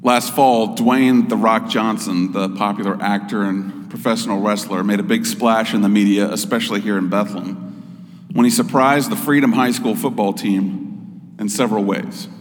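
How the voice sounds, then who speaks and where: A man giving a sermon as pastor, in a measured, explanatory way. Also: fairly low pitch, steady tone, long reverb tail.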